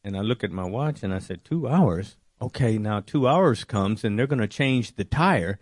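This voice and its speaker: A man telling a personal faith testimony, animated and acting out his own worried words. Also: lowish voice, moderate pace, no room sound, studio quality. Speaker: testimony speaker.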